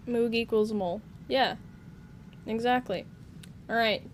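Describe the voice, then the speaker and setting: A woman's voice: on the high side, fairly even intonation, a little slow, slight background noise. A young woman from Canada streaming a game live, chatting playfully with her viewers and laughing often.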